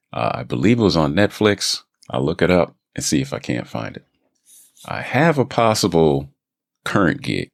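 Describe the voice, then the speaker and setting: A man's voice: very deep voice, creaky, a bit bright. A man hosting a voice-acting podcast, talking casually and rambling into a studio microphone. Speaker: podcast host and voice actor.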